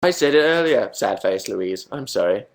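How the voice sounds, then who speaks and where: A man's voice: lowish voice, expressive, moderate pace. Young English man, webcam livestream host, self-mocking and rambling. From England. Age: young adult. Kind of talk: casual livestream chat.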